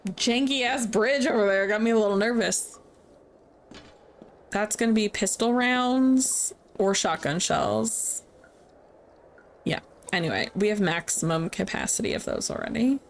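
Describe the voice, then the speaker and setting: A woman's voice: mid-range voice, a little slow, long pauses. A woman streaming a game, chatting casually, laughing often and swearing freely. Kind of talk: casual let's play commentary. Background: faint game music.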